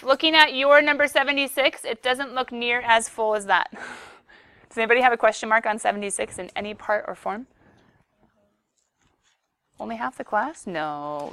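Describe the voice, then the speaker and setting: A young woman teaching a high school math class, playful and chatty with her students, who she teases as she talks them through problems. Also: normal speed, pauses often, bright, forceful tone, no echo.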